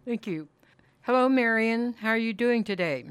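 A woman co-hosts a community radio show and eases her guest in with gentle questions, pausing on fillers. Her voice is smooth and resonant, with a dry, close sound. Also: a little high, expressive, no echo. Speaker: radio co-host. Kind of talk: radio interview.

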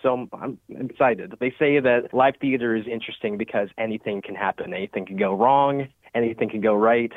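A man's voice: mid-range voice, a little fast, hardly any pauses, no echo. A young man in his twenties, a student actor calling in to a radio interview by phone, chatty and upbeat with many filler words. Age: 20s. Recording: tinny phone line.

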